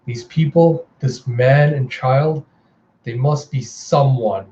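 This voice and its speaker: A cold, imperious vampire queen who gives orders, read out by a man in a comic readthrough. The sound is dark and mellow, in a roomy space. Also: mid-range voice, slow, dull audio, natural voice. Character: commanding, ruthless vampire queen.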